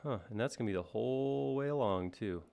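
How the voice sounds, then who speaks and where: Man, gravelly voice, live tutorial instructor, thinking aloud, casual. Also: mid-range voice, brisk, warm tone. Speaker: software instructor. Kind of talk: live-stream modeling tutorial.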